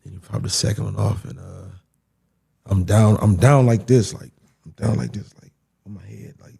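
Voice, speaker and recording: A young man with a low, gravelly, husky voice tells a story in casual conversation. His tone is relaxed and dark, and he gets animated as he acts out the other voices and swears freely. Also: normal speed. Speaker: guest telling a story.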